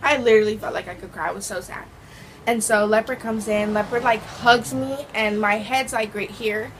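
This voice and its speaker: A woman's voice: mid-range voice, steady tone, moderate pace, a little hiss or hum, poor audio. A teenage girl vlogger telling a dramatic storytime, acting out the quoted voices. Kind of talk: casual storytime vlog.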